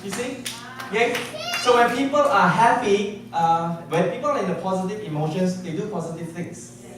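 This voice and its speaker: A man's voice: high-pitched, normal speed. A middle-aged man giving a humorous sales seminar talk, telling stories and chuckling at his own jokes. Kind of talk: humorous storytelling talk to an audience. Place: large hall before an audience. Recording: echoey hall from far off with noise.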